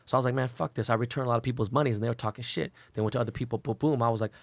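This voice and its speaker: Fast-talking, profane man telling stories. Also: medium pitch. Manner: fast, profane, animated, acts out quotes in a raised voice. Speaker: guest, celebrity jeweler. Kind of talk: unfiltered storytelling in an interview.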